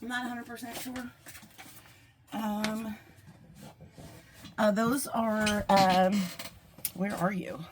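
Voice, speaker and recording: A woman's voice: medium pitch, level tone, slow pace, pauses often, background noise. A woman hosting a casual jewelry-making tutorial from her craft desk at home, rambling and joking about herself as she talks. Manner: chatty, rambling, self-deprecating, with fillers. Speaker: jewelry-making channel host.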